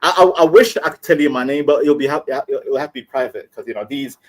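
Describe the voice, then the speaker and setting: A man's voice: mid-range voice, fast talker. A man with a London accent, of Somali descent, chatting as a guest on a remote call, teasing and stumbling over repeated words. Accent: London English. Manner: stammering repeats, playful teasing. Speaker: panel guest. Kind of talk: casual chat.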